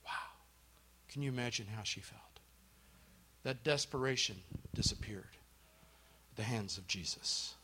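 A man's voice: medium pitch, moderate pace, slightly rough. A man teaching an interactive Bible study to a live group, telling the story and asking his listeners questions. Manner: asks the group questions and thanks responders; storytelling, drops to a hush for dramatic moments.

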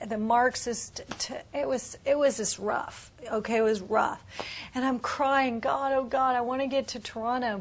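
A woman missionary telling her story in an emotional personal testimony, swinging from loud bursts to hushed whispers. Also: mid-range voice.

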